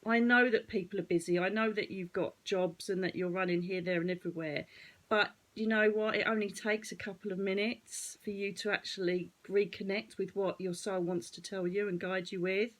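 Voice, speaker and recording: A woman with an Essex accent, a psychic medium hosting her own channel, giving chatty spiritual advice straight to her viewers with a slightly croaky voice. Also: mid-range voice, steady tone, moderate pace. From Essex, England. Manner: chatty, digressing, addresses viewers directly. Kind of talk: casual spiritual advice talk to camera.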